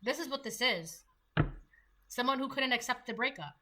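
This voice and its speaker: Bright, chatty woman reading tarot. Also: high-pitched, lively intonation, moderate pace. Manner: chatty, acts out quoted voices, laughs at own jokes. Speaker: tarot reader. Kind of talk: casual tarot reading monologue.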